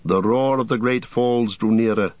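Man reading a storybook aloud, steady, dry dull sound. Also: medium pitch, no echo. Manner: measured, storytelling delivery. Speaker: audiobook narrator. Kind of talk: scripted narration. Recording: dull audiobook studio sound.

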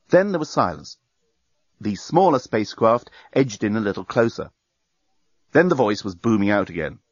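A man narrating a story aloud in an expressive, lively reading. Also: on the low side, dry recording. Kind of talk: audiobook narration. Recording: dry, slightly muffled.

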